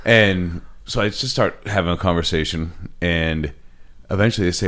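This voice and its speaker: Deep-voiced man, earnest and argumentative. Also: steady tone, moderate pace, fairly bright tone. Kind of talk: casual podcast chat.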